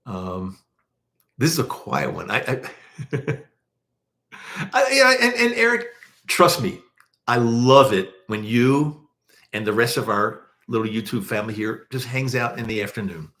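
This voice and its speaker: A man's voice: mid-range voice, lively intonation, measured pace, long pauses, a bit bright. A man with a Baltimore accent hosting a casual livestream, talking in a rambling, chatty way with many restarts and fillers. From Baltimore, USA. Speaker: podcast host.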